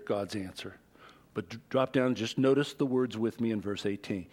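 A man preaching a sermon who reads scripture aloud and explains it conversationally. He stresses words with sudden rises in pitch and loudness. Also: normal speed. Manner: expressive, with big jumps in pitch and loudness for emphasis. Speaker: pastor.

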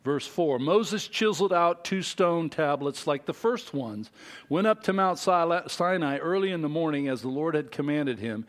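A man preaching a sermon, slow and emphatic, reading scripture aloud and swinging between loud, raised lines and hushed, low ones.

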